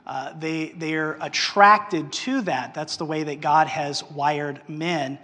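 Male pastor, informal sermon delivery, light upper-middle pitch, long hall reverb. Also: steady tone, takes it slowly, bright, forceful tone. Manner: conversational preaching with frequent "okay?" and "uh" fillers.

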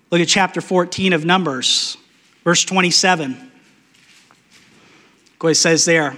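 High-voiced male preacher in an echoing hall. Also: a little slow, pauses often. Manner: conversational, playfully emphatic, trails off into soft repetitions. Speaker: pastor. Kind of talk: sermon with Bible reading.

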